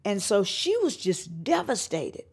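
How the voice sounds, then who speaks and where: Animated storyteller woman. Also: medium pitch, a little slow, slightly rough. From North Carolina. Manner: animated storyteller who acts out quoted voices. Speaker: singer and showcase organizer. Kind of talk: storytelling interview.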